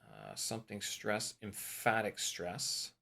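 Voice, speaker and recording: Man, lowish voice, casual study vlog, reads notes aloud, self-mocking mutters. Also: very animated, slow, gravelly, sharp tone. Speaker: English teacher studying for a teaching diploma.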